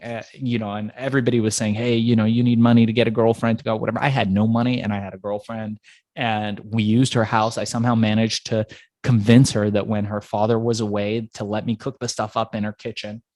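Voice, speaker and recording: A man's voice: lowish voice, level tone, brisk, darkish tone, no room sound. A man being interviewed, telling a story from his past with energy and acting out the voices of people in it. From Iran. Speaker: entrepreneur guest.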